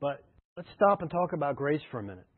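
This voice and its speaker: A man's voice: a little high, sing-song, quick pace, breathy edge. A man preaching a sermon as a pastor, emphatic and repeating his key phrases. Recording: tinny phone-like radio sound.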